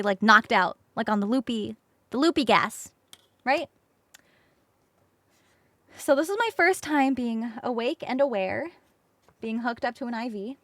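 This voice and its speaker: A woman streamer telling a story in casual chat, expressive, swearing casually and acting out the people she quotes. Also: fairly high pitch, dry recording, studio quality. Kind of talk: casual storytelling while crafting.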